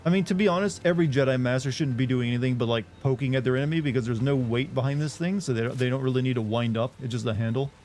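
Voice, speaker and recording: A man's voice: mid-range voice, very fast, hardly any pauses, darkish tone, faint music behind. A man chatting casually while streaming a game, rambling and answering his chat. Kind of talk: casual let's-play chat.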